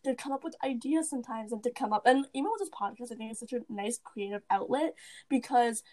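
A woman's voice: a little high, fast, darkish tone. A teenage girl co-hosting a podcast, chatting casually, rambling and giggling with lots of "like". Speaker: podcast co-host. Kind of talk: casual chat.

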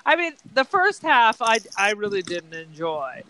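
A woman co-hosting a podcast in casual chat, halting with many restarts and blunt opinions. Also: mid-range voice, very animated, a bit bright, a little hiss or hum. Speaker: podcast co-host.

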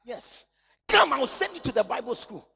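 A man preaching a sermon in church, swinging between shouting and near-whispering. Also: very high voice, sing-song, normal speed, vocal fry. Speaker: pastor.

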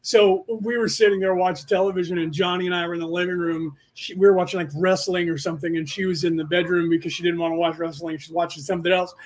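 A man's voice: high-pitched, flat delivery, fast talker, few pauses. A man in his forties from California, hosting a podcast in a rambling, casual livestream chat, often restarting and correcting himself mid-sentence. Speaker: podcast host.

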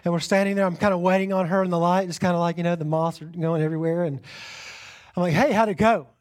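A young man, a pastor, preaching a sermon with an animated personal story and self-deprecating humor, often repeating his phrases. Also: high-pitched, fast talker. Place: church sanctuary.

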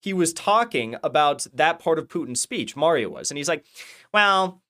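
Fired-up, rambling man with a higher voice. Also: lively intonation, moderate pace, fairly bright tone. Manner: rambling, heated, profane, many restarts. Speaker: political commentary channel host. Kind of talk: casual ranting commentary.

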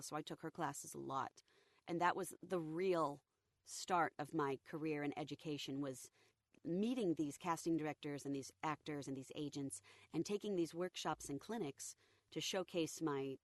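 A woman with a low, husky morning-after-illness voice tells career stories with lively energy. She acts out quotes from other people as she goes. The sound is close and dry, with no room around it. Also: no room sound. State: deep, recovering voice after illness. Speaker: voice actor guest. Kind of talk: casual storytelling interview.

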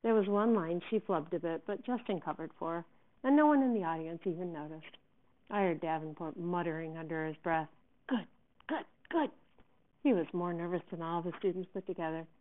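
Woman, teacher, reading a story aloud, expressive, lowish voice, thin phone-like sound. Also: a little fast. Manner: expressive first-person reading.

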